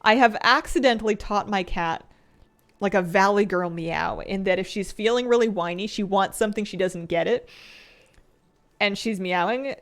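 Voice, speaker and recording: Chatty woman streamer, rambling softly. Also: mid-range voice, normal speed. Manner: chatty, rambling, laughs often, drifts into soft mumbles. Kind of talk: casual chat while gaming.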